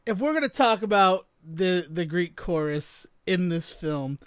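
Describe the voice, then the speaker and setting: A mid-pitched co-host talks through a movie in casual podcast style, wry and sardonic, building mock theories and cursing for emphasis. The voice sounds close and dry. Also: lively intonation, measured pace, no room sound. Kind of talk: casual film-review chat.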